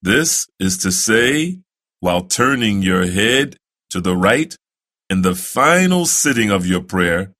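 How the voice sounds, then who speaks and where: A man with a lowish voice guides new believers through the words of prayer. He speaks at an unhurried, measured pace and lingers on every phrase. His manner is careful and instructional. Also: expressive, a bit bright. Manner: recites prayers slowly and deliberately, with pauses for repetition. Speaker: religious instructor. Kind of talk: slow, careful instructional narration.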